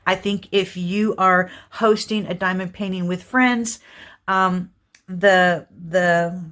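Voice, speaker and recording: A middle-aged woman chats loosely to her viewers as a craft channel host. Her voice sits a little low, and she rambles, jumping from one thought to the next at a quick clip. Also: fairly even intonation, a bit bright. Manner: rambling, chatty, talks fast and apologizes for it. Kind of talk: casual chat to viewers.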